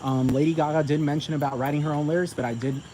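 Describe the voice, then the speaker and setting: Profane ranting man, fairly high voice. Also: fairly even intonation, fast, dark tone. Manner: profane, emphatic, repetitive. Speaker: commentator. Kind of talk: ranting monologue. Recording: noisy with vehicle sounds behind.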